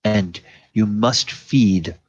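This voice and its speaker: A man voicing a gentle old village priest. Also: lowish voice, highs cut off, faint music behind. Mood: grave. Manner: gentle, reassuring, unhurried. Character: kindly older male village priest. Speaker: priest character.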